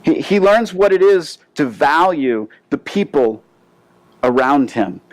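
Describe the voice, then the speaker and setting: A male pastor preaching a sermon, telling a story with lively asides and frequent word restarts. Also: on the high side, slow pace, no room sound, poor audio.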